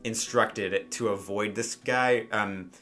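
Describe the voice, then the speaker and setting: A man's voice: fairly low pitch, fairly even intonation, slow pace, bright, forceful tone, faint music behind. A man narrating a tabletop game as game master, rambling with many fillers.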